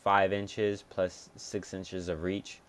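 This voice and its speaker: A young man talks through upcoming fights in a loose, unscripted breakdown. His voice sits fairly low, and he swears freely. He thinks aloud and second-guesses his picks as he goes. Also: level tone, takes it slowly, clean tone. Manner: rambling, profane, thinks aloud and changes picks. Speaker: MMA fight picks commentator. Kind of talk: casual fight-prediction breakdown.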